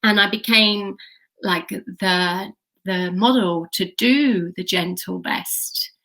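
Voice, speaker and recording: A woman's voice: medium pitch, slow pace, sharp tone. A woman coach teaching to camera, speaking in an encouraging way and often checking in with her listeners. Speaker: intuition coach.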